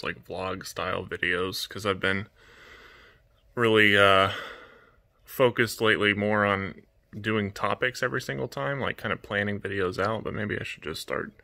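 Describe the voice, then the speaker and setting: A man in a casual home vlog, talking gently to his pet birds and to viewers. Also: low voice. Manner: gentle, soft-spoken, cooing to birds. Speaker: vlogger, toucan keeper.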